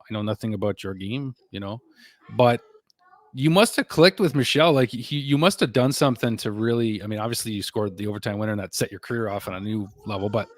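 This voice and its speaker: A man's voice: fairly low pitch, no room sound. Chatty male podcast host, dry sound. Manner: chatty, rambling questions with fillers. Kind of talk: casual interview questions.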